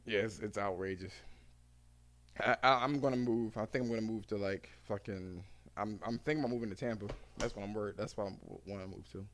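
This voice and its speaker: A man hosting a podcast in casual chat, rambling, profane and quick to laugh. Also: fairly low pitch, steady tone, fairly bright tone. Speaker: podcast host.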